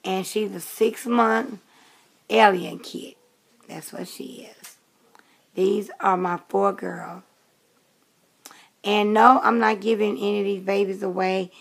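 Talking to camera in a loose, rambling way, a female vlogger in her late fifties often stops to restart and fills gaps with filler words. She speaks slowly in a creaky, medium-pitched voice with fairly even intonation and long pauses.

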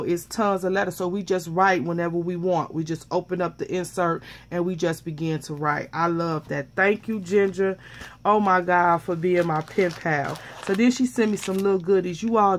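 A woman vlogger chatting casually as she unboxes a package, gushing and repeating how much she loves each item, excited and a little flustered. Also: on the low side, a little hiss or hum.

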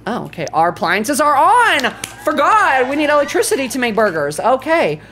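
Lively, foul-mouthed woman streamer. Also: high-pitched, moderate pace, a little hiss or hum. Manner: excitable, swears a lot, talks to chat; shifts to loud exclamations when flustered. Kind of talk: live gameplay commentary.

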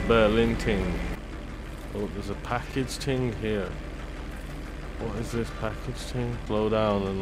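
A young man with a London accent giving casual commentary over a game, slangy and joking, jumping from mutters to loud shouts. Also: on the low side. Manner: loud swings into shouted excitement, slangy banter. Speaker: gaming YouTuber. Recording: music playing behind the voice.

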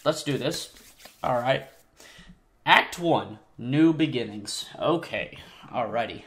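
A man casually commenting on his own gameplay. He rambles, pokes fun at himself and breaks into sudden excited squeals. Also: medium pitch, slow pace. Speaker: gaming channel host. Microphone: desk mic, no face cam. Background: faint game music.

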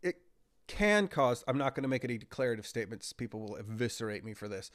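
A man's voice: medium pitch, animated, quick pace. A man, a breathwork coach, talking energetically and impulsively as a podcast guest, acting out his examples. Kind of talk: casual podcast conversation.

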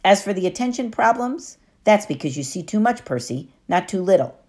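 A woman's voice: medium pitch, big pitch swings, a little fast, darkish tone, voice pushed up, close to an everyday voice. A woman reading an audiobook, voicing a clever, self-assured teenage girl who explains things patiently and knowingly.

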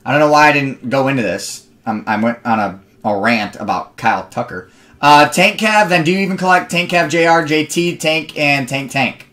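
A man's voice: on the high side, animated, moderate pace, a bit bright. A young man hosting a live card break stream, chatting with viewers and rambling into stories between picks.

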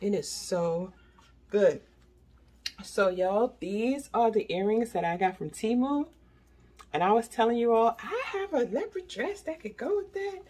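Chatty older woman with a husky voice. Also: fairly high pitch, animated, a little slow, a little mellow. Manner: chatty, repeats herself, keeps addressing viewers as y'all. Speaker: beauty product vlogger. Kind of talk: casual product review chat.

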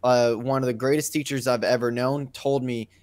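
A man's voice: medium pitch, steady tone, moderate pace, a little mellow, dry recording. Man, podcast co-host, reflective, restarts, dry close mic. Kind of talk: casual podcast discussion.

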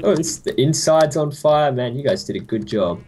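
A woman's voice: extremely low pitch, moderate pace, slight background noise. Giggly woman hosting a game. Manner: joking, giggly, lively. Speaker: game host. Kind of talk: casual commentary over a video game.

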